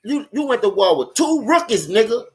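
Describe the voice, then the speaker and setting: A man's voice: very high-pitched, very animated, normal speed, darkish tone. A young man with a New Orleans accent, ranting profanely and animatedly about football as a live-stream host, speaking straight to his viewers. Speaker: sports commentary host.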